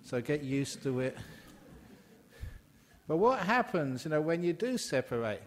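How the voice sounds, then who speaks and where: An older man, a Buddhist monk from England, giving a conversational and humorous dharma talk, emphatic with sudden rises in pitch. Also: very animated, measured pace, a little hiss or hum. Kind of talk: dharma talk to a live audience.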